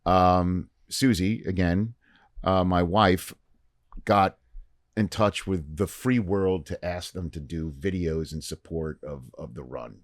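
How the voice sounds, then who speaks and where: A man on a podcast as a guest, telling a long story in casual chat and acting out the quoted lines with lively shifts. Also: deep voice, slow pace, no echo, studio quality. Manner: animated storyteller, acts out quoted dialogue. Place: podcast studio.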